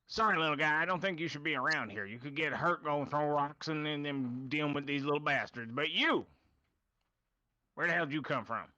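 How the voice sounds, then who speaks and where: A man's voice: a little high, a little fast, sharp tone, no echo. A man voicing a cranky old man who swears constantly, on a dull lo-fi recording. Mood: grumbling. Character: cranky foul-mouthed old human man. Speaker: game master voicing a character.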